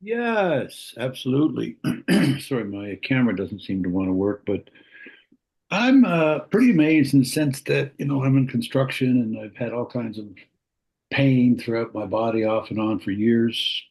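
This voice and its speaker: A man speaking over a video call, relating his experience in a loose, wandering way. He often pauses to clear his throat and repeats words as he goes. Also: medium pitch, animated, a little mellow, rough recording. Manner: rambling, frequent throat-clearing. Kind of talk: casual testimonial.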